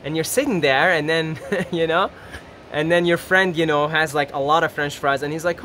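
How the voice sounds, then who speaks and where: A man with a slightly high voice, speaking at normal speed, rambles through a motivational talk to camera as a self-help YouTuber. Animated and quick to laugh, he performs small quoted voices, and there's slight background noise.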